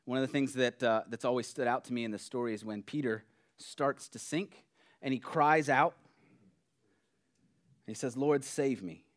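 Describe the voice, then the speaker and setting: A man preaching a sermon in an earnest, conversational way, dropping soft and then growing emphatic. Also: mid-range voice, fairly even intonation, moderate pace, long pauses. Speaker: pastor.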